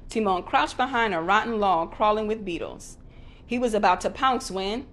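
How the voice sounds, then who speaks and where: A woman narrating a children's storybook aloud in an expressive, storytelling way. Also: medium pitch, normal speed.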